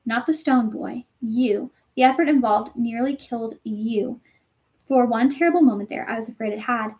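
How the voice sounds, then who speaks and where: Dumbledore, a woman voicing a calm old headmaster. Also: a little high, normal speed, close to an everyday voice. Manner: calm, gentle, dry humour. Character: kindly old male headmaster, calm and gently amused.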